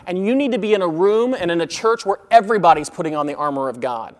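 Earnest high-voiced preacher in a reverberant hall. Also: male voice, lively intonation, fast. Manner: earnest, rises loud on scripture and drops quiet on asides. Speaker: pastor. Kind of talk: expository sermon.

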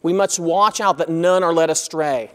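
A man preaching an expository sermon as pastor, earnest, growing loud when reading scripture and quiet on asides. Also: a little high, moderate pace, smooth, in a large hall.

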